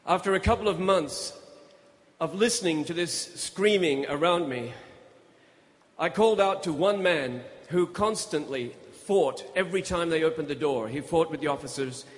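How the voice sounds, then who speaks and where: A man giving a storytelling speech on stage as a guest speaker, in a measured, grave way. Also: a little high. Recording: echoey hall.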